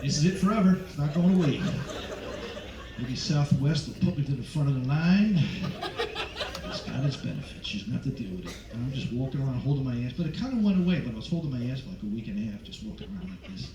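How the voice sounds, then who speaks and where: A male comedian doing a stand-up set on a cruise ship stage, teasing the crowd loudly, with sudden jumps in pitch. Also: expressive, quick pace. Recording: echoey, distant, dull with crowd noise. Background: audience noise.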